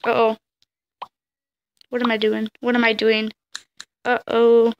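High-voiced flustered young woman gamer. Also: monotone, slow, dull audio, background noise. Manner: flustered, stammering, exclaims often. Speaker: gamer playing a story game. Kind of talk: casual let's-play reactions.

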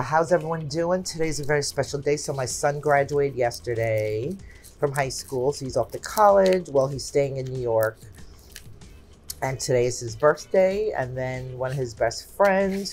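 A woman's voice: a bass voice, lively intonation, moderate pace, darkish tone, a little hiss or hum. A woman in her forties hosting a craft channel, chatting casually and exclaiming often as she unboxes gifts at home.

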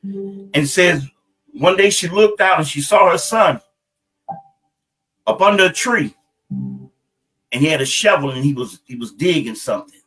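Halting preacher man over soft music. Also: lively intonation, low-quality recording. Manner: halting, repeats words, rises into higher pitch for quoted voices. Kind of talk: sermon storytelling.

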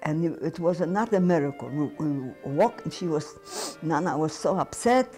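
A man's voice: on the high side, lively intonation, darkish tone, soft background music. An older man giving personal testimony as a Holocaust survivor, stumbling and repeating words. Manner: halting, repeats himself, stumbles.

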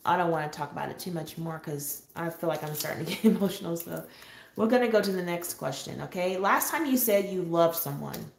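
A woman's voice: sits low, gravelly, a little hiss or hum. Chatty woman in an echoey room. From San Diego, California. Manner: chatty, laughs often, pauses with um. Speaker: adult coloring channel host. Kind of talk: casual live-stream chat. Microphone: home live-stream setup.

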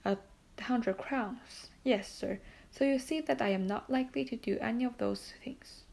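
A woman's voice: a little high, normal speed, vocal fry, darkish tone. A woman reading the part of a humble, earnest telegraph keeper in his fifties, in an audiobook. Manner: earnest, plain-spoken.

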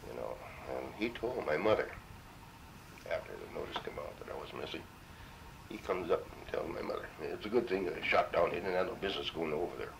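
Old guy from minnesota telling war stories, cussing a lot, real deep gravelly voice. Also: fairly quick, noisy background. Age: 70s. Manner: salty, profane, animated storyteller. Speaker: war veteran interviewee. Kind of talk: oral history storytelling.

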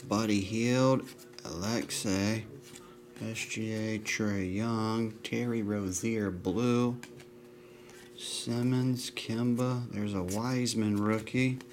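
Casual male card breaker, deep-ish, unhurried, rattles off names with dry remarks. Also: a little hiss or hum. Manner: reels off names in a flat list, with dry asides. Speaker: trading card box breaker. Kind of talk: casual running commentary while opening card packs.

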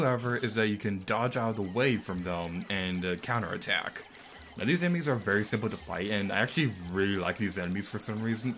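A man's voice: on the low side, a bit bright, a little hiss or hum. A young man giving rambling, mildly sarcastic let's-play commentary, full of ums and asides. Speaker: gameplay commentator.

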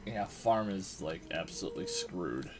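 A man's voice: sits low, animated, moderate pace, noisy background. A young man giving casual commentary on his own gameplay, exasperated, groaning and swearing as his team gets beaten. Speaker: gaming channel host. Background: game music and keyboard typing.

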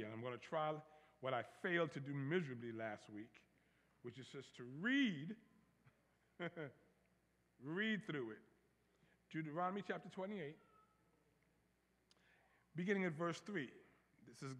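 A man preaching a sermon as pastor, animated and repetitive, calling on his congregation to answer back. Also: a little high, in a large hall. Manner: animated preaching, repeats words, leads congregation call-and-response. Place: large church.

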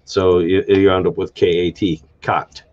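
Man, very deep voice, halting live-stream explanation, spells out letters, muffled lo-fi sound, typing in background. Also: flat delivery, a little mellow. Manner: halting, many fillers and restarts, spells out words letter by letter. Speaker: live stream host explaining a constructed language. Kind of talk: unscripted casual explanation.

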